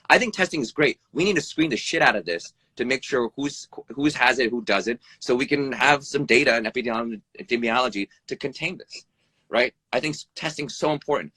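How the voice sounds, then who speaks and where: A man who works as an emergency room doctor, talking bluntly over a live video stream, swearing freely, his pitch jumping up and down, and tagging "right?" onto his points. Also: breathy edge, no room sound. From United States. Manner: animated, pitch jumps up and down. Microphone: phone or video call mic.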